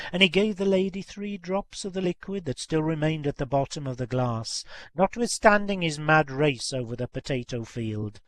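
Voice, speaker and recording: Give me a man narrating a folk tale, measured and expressive, on a dry close mic. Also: fairly high pitch, dry recording. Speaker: storyteller. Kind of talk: reading a folk tale aloud.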